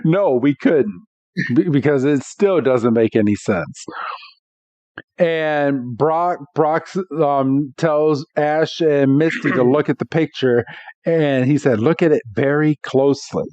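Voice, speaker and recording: Slow-talking man recapping cartoon episodes. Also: on the high side, a little mellow, dry recording, muffled recording. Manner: retells scenes, acting out the characters' lines. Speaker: podcast host.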